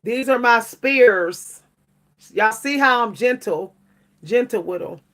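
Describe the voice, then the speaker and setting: Chatty older woman, higher voice. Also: animated, takes it slowly, fairly bright tone. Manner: chatty, laughs often, frequent restarts. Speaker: vlogger and writer. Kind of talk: casual chat to camera.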